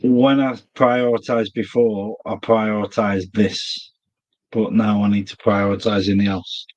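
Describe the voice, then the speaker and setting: A man's voice: fairly low pitch, little pitch movement, a little slow, highs cut off. A middle-aged man, rambling and thinking aloud in a casual live-stream chat from a small room he built himself. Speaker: livestreamer.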